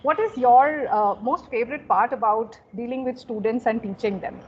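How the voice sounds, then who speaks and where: A woman's voice: fairly high pitch, normal speed, dull audio, slight background noise. A woman from India hosting an interview as a communication coach, encouraging and full of affirmations. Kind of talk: conversational interview.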